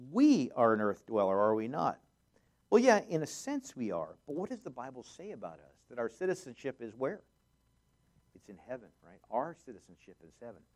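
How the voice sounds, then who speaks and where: A man in the middle of a sermon, working verse by verse through scripture. His voice sits at an ordinary middle pitch, and he swells loudly on the readings before dropping back to a relaxed teaching tone with plenty of "uh"s. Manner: reads scripture aloud with rising force, jokes lightly, many fillers. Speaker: pastor.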